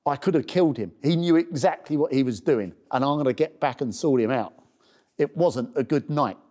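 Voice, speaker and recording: A middle-aged man from the UK telling the story of his charity walk in a spoken diary, acting out the people he met. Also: mid-range voice. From United Kingdom. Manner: storytelling, animated voices for people he meets.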